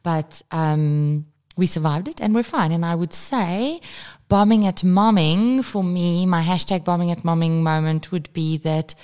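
A woman's voice: on the low side, measured pace, darkish tone, clear, resonant tone. A woman, co-hosting a casual parenting podcast and talking candidly, swearing freely. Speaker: podcast co-host. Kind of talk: casual chat.

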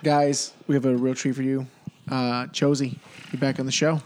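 A man's voice: medium pitch, level tone, normal speed, darkish tone, a little hiss or hum. A man hosting a podcast in casual chat, laughing often and telling stories with animation. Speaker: podcast host.

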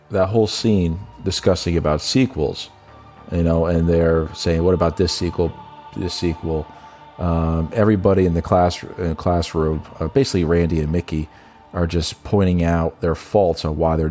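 A man co-hosting a casual film review podcast, self-mocking and quick to laugh. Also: low-pitched, fairly even intonation, warm tone, soft background music. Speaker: podcast co-host.

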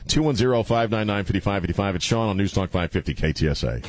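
A man's voice: on the low side, quick pace. A male talk radio host chatting casually in a studio, telling stories with lots of wisecracks and laughter. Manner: animated storyteller, laughs often, wisecracking. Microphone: studio microphone.

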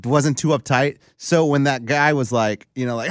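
A man co-hosting a casual sports talk show, telling animated stories and acting out other people's voices. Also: mid-range voice, normal speed, dry recording, studio quality. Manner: animated storyteller, acts out voices. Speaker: co-host.

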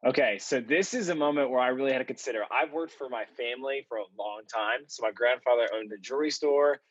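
A man guesting on a podcast tells his stories with animation and acts out the people he quotes. His voice is husky. The audio is dry and dull. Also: medium pitch, fast, no echo. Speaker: podcast guest, marketing consultant. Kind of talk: storytelling interview answers.

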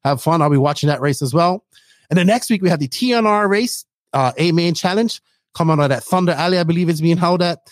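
A man's voice: fairly high pitch, a little fast, no room sound. Chatty man hosting a hobby podcast. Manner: rambling, lots of fillers and shout-outs. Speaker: podcast host. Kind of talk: casual podcast chat.

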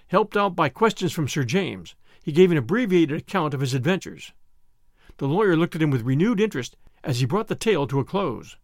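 A man narrating a novel as an audiobook reader, steady and even-toned. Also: on the high side, fairly quick, dry recording, studio quality.

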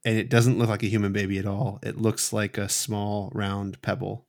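A man narrating as game master of a tabletop game, telling the scene slowly with halting restarts. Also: on the low side, level tone. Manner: slow, halting storytelling with many restarts.

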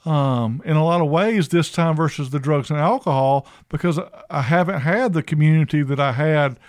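A man's voice: fairly high pitch, moderate pace, darkish tone, dry recording, studio quality. A man in recovery talking casually on a podcast, rambling and self-deprecating, filling his stories with "you know". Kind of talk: casual conversation.

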